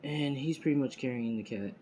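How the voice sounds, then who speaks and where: A man's voice: medium pitch, brisk, mellow, a little hiss or hum, poor audio. A man improvising a fan story aloud, rambling with many fillers and restarts, recorded on a phone. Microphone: phone screen recorder.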